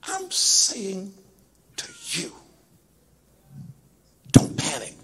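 A man preaching a sermon to a congregation at a church service. He moves between hushed talk and sung, shouted peaks in a rhythmic preaching cadence. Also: sits high, huge pitch swings, drawn-out words, breathy edge. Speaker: pastor.

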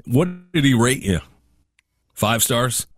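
A man's voice: mid-range voice, expressive. A man hosting a podcast, joking and prodding a friend for details in casual chat. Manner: joking, quick reactions, prods for details. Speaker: podcast host.

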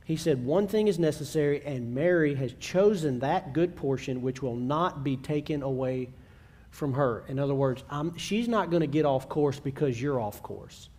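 A man's voice: a little high, a little mellow. A man on a faith-based talk show, making his points emphatically in a preaching style and repeating them.

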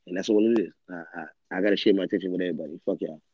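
Fast-talking profane man, lo-fi. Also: deep voice, fairly even intonation, background noise. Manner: rambling, profane, street slang. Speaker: live stream host. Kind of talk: casual live-stream monologue. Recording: dull lo-fi dry audio.

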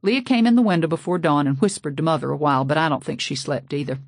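Audiobook narrator, woman, sassy folksy read, deep dry voice. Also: fast, no echo. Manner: folksy, sassy first-person storytelling. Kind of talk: scripted narration.

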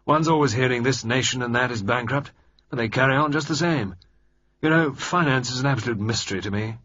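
A man doing a loud, bluff old air marshal. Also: mid-range voice, fairly quick, pitched above the performer's own voice, natural voice. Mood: gloomy. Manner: hearty, gruff and gloomy bluster. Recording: slightly muffled dry recording.

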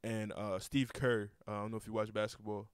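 A man's voice: on the low side, little pitch movement, a little fast, clean tone, dry recording, clean studio sound. Rambling young man hosting a podcast. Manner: rambling, repeats words, curses freely. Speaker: podcast host. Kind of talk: casual podcast chat.

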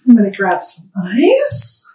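A woman co-hosting a podcast while mixing cocktails, talking casually, swearing freely and breaking into loud outbursts. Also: on the high side, huge pitch swings, a little slow, far from the mic. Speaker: podcast co-host and bartender. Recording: echoey room, voice a bit off-mic.

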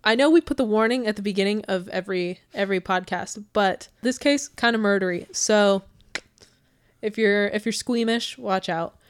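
A woman's voice: medium pitch, normal speed, smooth. An American woman hosting a casual true crime podcast, chatting with many fillers and laughing often. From United States. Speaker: podcast host.

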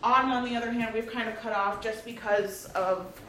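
A young woman in her twenties tells a story on a podcast with a slightly high voice and lots of swearing. She talks animatedly in casual chat. The room echoes around her, with a faint background hiss. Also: a little fast. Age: 20s. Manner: swears constantly, animated retelling. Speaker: podcast co-host.

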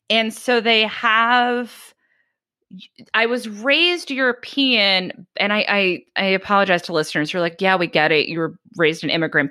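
A woman hosting a casual podcast chat, talking in animated bursts and often mock-quoting herself. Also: mid-range voice, no echo. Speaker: podcast host.

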